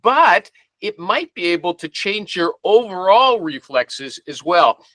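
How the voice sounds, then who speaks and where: A man's voice: sits high, sing-song, a little slow, bright, forceful tone, dry recording. A man hosting a casual talk show, probing his guest and thinking aloud. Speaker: show host. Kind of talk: casual podcast chat.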